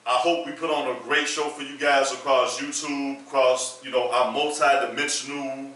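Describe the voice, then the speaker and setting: A man's voice: mid-range voice, fairly even intonation, moderate pace, pushed and bright. Joking, profane man in echoey room. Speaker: podcast host. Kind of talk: casual podcast chat. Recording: echoey room, far from mic, faint noise.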